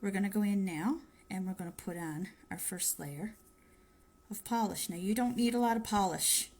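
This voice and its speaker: Demonstrating how to apply nail polish on a phone live stream, a nail tech chats her way through with tips and friendly side comments. She has a medium-pitched, darkish voice and a moderate pace.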